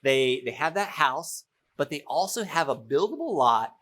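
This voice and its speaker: Middle-aged guy teaching real estate, super lively up and down voice, acts out the phone call. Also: fairly high pitch, normal speed. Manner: animated storytelling, playful role-play. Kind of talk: teaching through an acted-out example.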